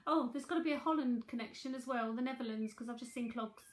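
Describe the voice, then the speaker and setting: A woman with a London accent speaks fast in a fairly high voice, giving a chatty live psychic tarot reading from home and repeating herself as she addresses viewers.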